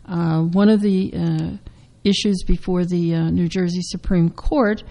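A woman radio host with a low, mellow voice talks through legal news. She is still getting over a cough. She speaks haltingly, with frequent fillers and restarts. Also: steady tone, creaky, low-quality recording. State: recovering from a cough.

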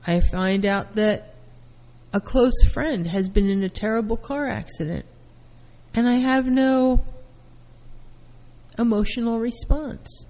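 A woman therapist giving a calm lecture, explaining terms through everyday first-person examples. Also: a little high, slow pace, long pauses, big-room sound, poor audio. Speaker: therapist teaching.

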